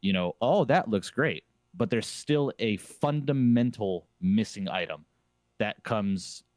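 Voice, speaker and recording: On a streamer panel, a flight sim streamer argues his opinions emphatically, repeating phrases to hammer his point home. His voice is fairly low and a little mellow, with lively intonation and a slow pace. The recording has no echo.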